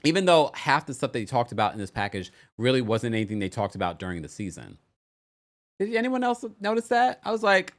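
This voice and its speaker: An animated man hosts a casual reality-TV recap, his voice leaping in pitch and breaking into laughter often. His everyday speaking pitch sits in the middle range. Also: fairly quick. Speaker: podcast host.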